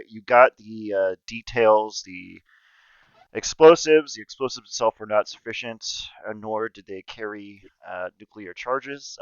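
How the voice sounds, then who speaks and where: A man runs a tabletop game, laying out details in a matter-of-fact way with casual swearing. His voice is smooth and resonant. The recording is dry and a little dull and lo-fi. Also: lowish voice, fairly bright tone, no echo. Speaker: game master.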